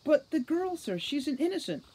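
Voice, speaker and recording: A woman's voice: medium pitch, big pitch swings, a little fast, darkish tone, husky, pitched above the performer's own voice, low-quality recording. A woman voicing a determined young female elf police captain who pleads and argues earnestly. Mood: indignant.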